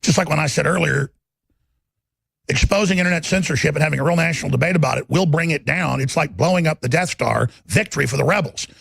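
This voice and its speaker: A man hosting a political talk show, combative and rambling in his monologue, with a gravelly, husky voice. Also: on the high side, fast talker, a bit bright, no echo.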